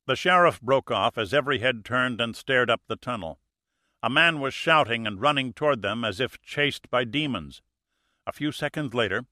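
A man narrating a thriller audiobook in a steady, measured way. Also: mid-range voice, no room sound, clean studio sound. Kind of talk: scripted narration.

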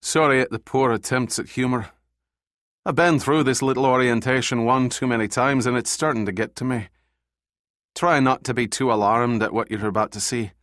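A man's voice: medium pitch, steady tone, normal speed, fairly bright tone, no echo, clean studio sound, close to an everyday voice. Man reading a weary, sardonic doctor. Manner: tired and dryly sardonic. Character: weary, darkly humorous male doctor.

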